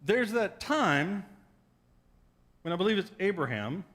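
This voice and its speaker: A man's voice: high-pitched, very animated, a little slow, a bit bright, in a large hall. A man preaching a sermon as pastor, retelling a story in a wry, joking way. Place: church sanctuary.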